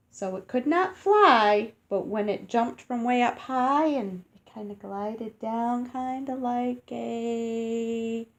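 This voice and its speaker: Lively woman reading a children's book. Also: a little high. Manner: explains words and asks children questions as she reads; slow and careful, sounding out hard names.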